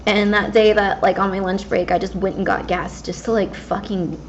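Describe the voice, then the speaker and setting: A gaming vlogger in her twenties speaks at normal speed with a medium pitch and a steady tone. She rambles through casual, candid personal talk while gaming, full of fillers. Faint hiss sits under a slightly dull lo-fi mic recording.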